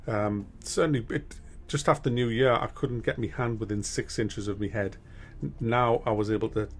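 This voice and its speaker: A man hosting a channel, giving a casual monthly update in a candid, rambling way with blunt swearing. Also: mid-range voice. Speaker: gaming channel host.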